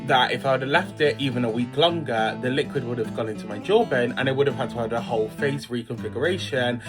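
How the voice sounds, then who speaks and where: A man tells a story straight to camera, chatty and slangy with plenty of dramatic flair. His voice sits at an ordinary middle pitch. Soft music plays faintly underneath. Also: fast. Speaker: vlogger. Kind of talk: casual storytime chat.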